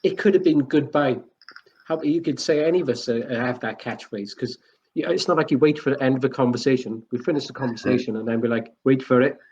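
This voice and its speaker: A young man co-hosting a casual podcast, joking and animated, his voice climbing when amused. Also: mid-range voice, fast talker, dull audio, slight background noise. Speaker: podcast co-host. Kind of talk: casual chat.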